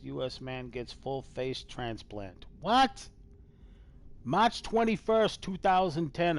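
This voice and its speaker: A male live-stream host rambles casually through old news, swinging between loud exclamations and low mumbling. He swears casually along the way.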